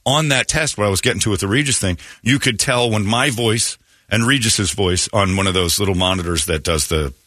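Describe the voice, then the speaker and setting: A man hosting a morning radio show, telling stories in casual banter and slipping into quick impressions. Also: on the low side, no room sound. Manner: storytelling, animated, slips into impressions.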